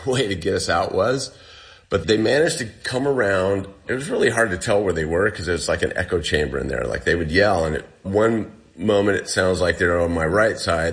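Deep-voiced man telling a story. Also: normal speed. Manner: lively storytelling, acts out dialogue with lots of "like". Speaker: interview guest. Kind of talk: casual storytelling.

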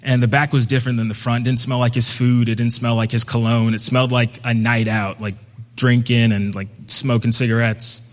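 A young man from Brooklyn tells a personal story on stage, at an easy, conversational pitch in the middle range. When he quotes other people, he pops up into higher, livelier voices. His voice rings out with the long reverb of a big hall. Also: level tone, normal speed. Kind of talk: live storytelling performance.

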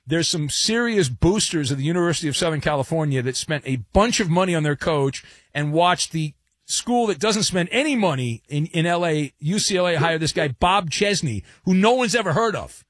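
A man's voice: a little high, animated, a little fast, dry recording, clean studio sound. Sarcastic male sports radio host. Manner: joking, sarcastic, chatty. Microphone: studio mic.

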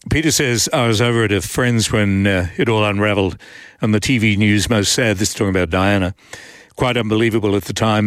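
Aussie radio host reading texts, low voice, wry and slow, dry close studio mic. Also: male voice, no echo. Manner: wry, unhurried, hesitant with fillers. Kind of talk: late-night talkback, reading listener texts. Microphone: studio microphone.

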